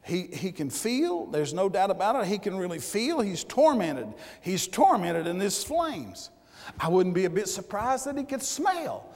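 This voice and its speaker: A man preaching a fiery sermon, repeating words and rising into shouts. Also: sits high, big pitch swings, unhurried. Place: church. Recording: church hall with long reverb.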